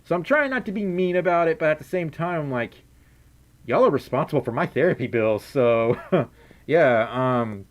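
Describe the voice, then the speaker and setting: A man's voice: fairly high pitch, lively intonation, normal speed, muffled recording. A man answering viewer questions on a casual livestream, chatty, with stammering restarts and nervous laughs. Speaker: streamer. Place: at home, wearing a fursuit.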